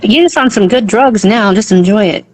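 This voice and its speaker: A woman friend in casual chat on a call, sympathetic and quick to laugh. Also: medium pitch, no room sound, low-quality recording.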